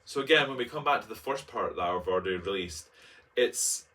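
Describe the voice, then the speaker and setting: A man's voice: fairly low pitch, animated, fairly quick, bright, forceful tone, far from the mic. A man, reading his own personal essay aloud and breaking off for camp, playful asides. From Scotland. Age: late 20s. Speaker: vlogger.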